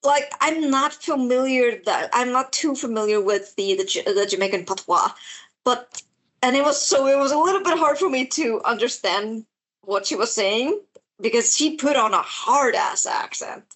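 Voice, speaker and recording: A woman's voice: fairly high pitch, lively intonation, moderate pace, a bit bright. A woman co-hosting a podcast, talking casually about a book in a rambling way, full of fillers and restarts. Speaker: podcast co-host. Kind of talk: casual chat about books.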